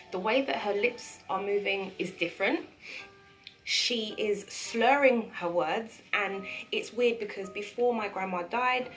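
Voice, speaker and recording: A young woman, a vlogger, recounting a personal story in casual storytime narration, earnest and animated, with emphatic repeats. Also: medium pitch, rough recording. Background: faint piano music.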